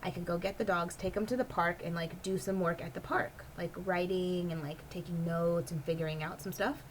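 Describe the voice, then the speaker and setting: A woman talking casually to her camera as a vlogger, with a somewhat low voice. She rambles from thought to thought and leans on "like" constantly. Faint noise sits behind her. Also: fairly even intonation, brisk, rough recording. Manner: rambling, heavy use of "like". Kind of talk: casual personal chat to camera.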